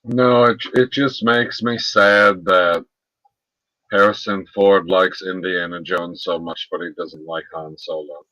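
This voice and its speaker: A man co-hosting a podcast, speaking in a casual, offhand way. His voice is mid-pitched and bright. The recording is dry and dull, with a lo-fi sound. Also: fairly even intonation, slow pace, no echo. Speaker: podcast co-host. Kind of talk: casual chat.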